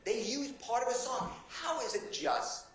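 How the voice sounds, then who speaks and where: A man's voice: extremely high pitch, very animated, a little slow, a bit bright, slight background noise. A male defense attorney arguing insistently and passionately before a judge in a courtroom. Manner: impassioned, insistent, pleading. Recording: echoey courtroom with faint ambience.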